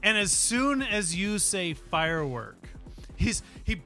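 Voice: medium pitch, very animated, slow, sharp tone, faint music behind. A game master narrating a tabletop game, laughing often and restarting lines.

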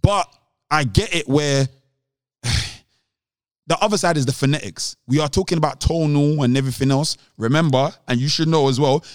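A man co-hosting a casual podcast, arguing in an animated way, repeating himself and laughing. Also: fairly high pitch, moderate pace, no echo, clean studio sound. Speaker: podcast co-host.

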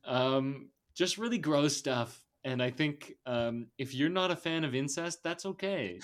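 A man's voice: medium pitch, a bit bright. A young man co-hosting a podcast, chatting casually and teasing his friends with jokes. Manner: joking, teasing banter. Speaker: podcast co-host. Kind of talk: casual chat.

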